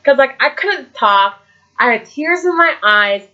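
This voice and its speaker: A woman hosting a casual vlog, excitedly telling a story with many fillers and acted-out reactions. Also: sits high, a little slow, dull audio. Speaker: vlog host.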